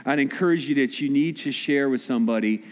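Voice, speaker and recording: A man preaching a sermon as pastor, swinging between hushed slow appeals and loud animated asides. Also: mid-range voice. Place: church sanctuary. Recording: long reverb of a large hall.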